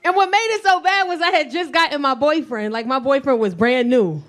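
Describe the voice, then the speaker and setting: A woman's voice: high-pitched, a little fast. A woman doing a stand-up comedy set on stage, telling brash, bawdy stories and acting out voices. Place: comedy stage before a live audience. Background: audience laughter.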